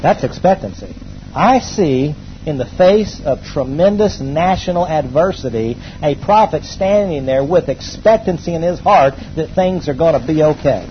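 A man preaching a sermon to a congregation, emphatic, swinging between loud exclamations and low asides and calling on the people to respond. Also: expressive, normal speed, highs cut off, a little hiss or hum. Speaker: pastor. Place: church hall before a congregation.

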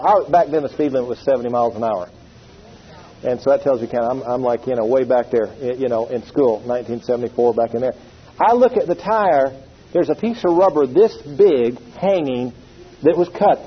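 A man's voice: mid-range voice, slightly rough. A middle-aged man preaching a sermon, telling stories with acted quotes and calling on the congregation to respond. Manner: animated storytelling with acted quotes and call-and-response. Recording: dull lo-fi sound.

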